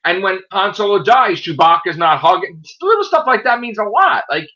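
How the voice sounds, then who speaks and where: Animated, swearing man ranting in casual chat. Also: high-pitched, normal speed, dull audio. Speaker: podcast host.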